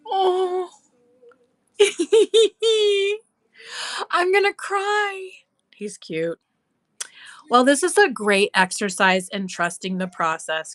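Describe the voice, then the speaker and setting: A woman's voice: fairly low pitch, no room sound. A woman chatting casually on a live craft stream, cooing and squealing with delight as she works. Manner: bubbly, coos and squeals over her craft.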